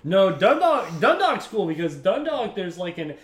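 A man's voice: high-pitched, sing-song, normal speed. A man from Maryland co-hosting a film podcast, joking around and riffing on absurd bits in casual chat. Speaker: podcast co-host. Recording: roomy echo.

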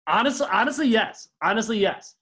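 A high-voiced man co-hosts a casual movie-review chat, ranting in exasperated bursts. His pitch leaps all over the place as he swears and complains sarcastically. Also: animated, pushed and bright. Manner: rapid pitch swings, sarcastic. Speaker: podcast co-host.

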